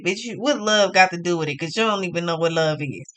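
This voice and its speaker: A woman's voice: lowish voice, quick pace, a bit bright, a little hiss or hum. A woman giving a casual tarot reading, talking in a blunt, profane, ranting way. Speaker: tarot card reader.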